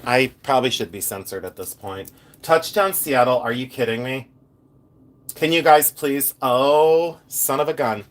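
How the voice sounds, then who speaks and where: A middle-aged man talking off the cuff on a home live stream, sorting and showing off his finds. His talk is playful and scattered, full of asides, restarts and quick laughs. His voice sits at an ordinary middle pitch. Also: a bit bright. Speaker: live-stream jewelry reseller. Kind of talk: casual live-stream chat.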